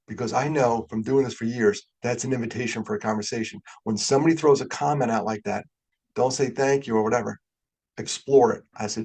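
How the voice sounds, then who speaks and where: An older man giving an animated storytelling talk as a keynote speaker, getting fired up as he goes. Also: medium pitch, brisk, slightly rough. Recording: webinar audio.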